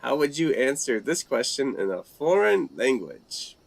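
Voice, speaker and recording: A man hosts a casual live language-learning chat, reading viewer comments aloud and haltingly trying phrases in several languages. His voice is medium-pitched, sing-song, and gravelly.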